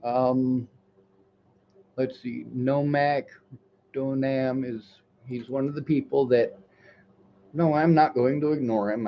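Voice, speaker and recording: A man's voice: medium pitch, slight background noise. Heated, cursing man on a lo-fi stream. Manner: heated, profane, lecturing. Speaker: livestreamer reading viewer messages. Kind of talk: livestream commentary and rant.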